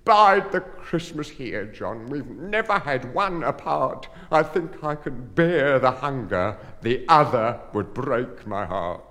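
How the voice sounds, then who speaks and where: A man's voice: mid-range voice, expressive, slow, hardly any pauses, a bit bright, long reverb tail. A man voicing a dying, starved old wife who pleads faintly, in a dramatic poem recitation. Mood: tender pleading.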